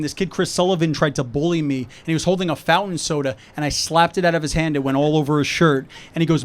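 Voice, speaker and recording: A man from New York performing stand-up, his voice sitting a bit higher than most men's. He talks in a loose, chatty way and slips into quick bits of dialogue with his friends. Faint outdoor ambience hangs behind him on the rooftop. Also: slight background noise. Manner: conversational, acts out dialogue with friends. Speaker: stand-up comedian. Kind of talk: stand-up comedy set.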